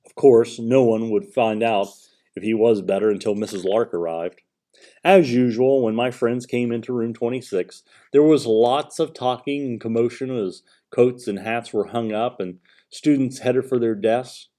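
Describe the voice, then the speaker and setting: Mellow-voiced man reading a children's book. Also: mid-range voice, normal speed. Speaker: audiobook narrator. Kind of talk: storybook narration.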